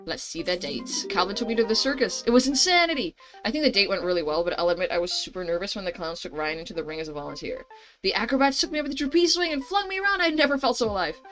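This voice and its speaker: A woman's voice: medium pitch, lively intonation, fast talker, fairly bright tone, soft background music, poor audio. A young woman hosting a gaming channel, reading a story game aloud with chatty, rambling, giggly asides.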